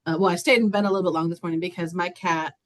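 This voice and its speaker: A young woman with a lowish voice speaks casually in a small group. She talks quickly and gently, with many likes and ums. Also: steady tone. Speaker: church member sharing.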